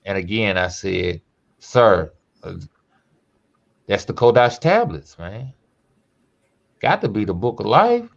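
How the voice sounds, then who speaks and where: Male podcast host, lowish voice, slow emphatic scripture reading with casual asides; dull lo-fi recording. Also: very animated, gravelly.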